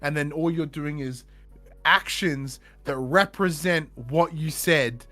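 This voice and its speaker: Animated high-voiced male podcast host. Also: takes it slowly, faint music behind. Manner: animated, emphatic, swears casually. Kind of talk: casual podcast chat.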